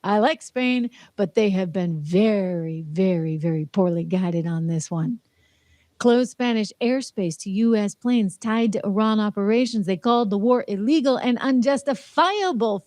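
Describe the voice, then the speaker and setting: A woman's voice: mid-range voice, a little slow, darkish tone. A woman hosts a news commentary stream, reading headlines and breaking off into sarcastic, scolding asides. Her voice sits in an ordinary middle range for a woman. The sound is dry and close, with no room echo. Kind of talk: opinionated news commentary livestream.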